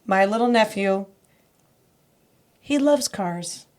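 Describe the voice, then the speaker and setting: A woman in a relaxed podcast conversation, her voice sitting at an ordinary middle pitch. She speaks earnestly and with emphasis, thinking out loud as she makes her point. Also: slow. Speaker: podcast co-host. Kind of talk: casual chat.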